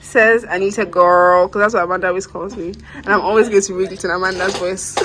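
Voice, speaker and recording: A woman's voice: mid-range voice, fairly even intonation, quick pace, background noise. A woman, chatting and teasing coworkers in a busy office. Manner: teasing, laughing. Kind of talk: casual office chat.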